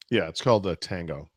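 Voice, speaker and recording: A very low-pitched man chatting casually about tech as a podcast co-host. His voice is wearing thin and he keeps clearing his throat, looping through fillers and restarts. Close and dry sound. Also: no room sound. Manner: rambling with many fillers and restarts.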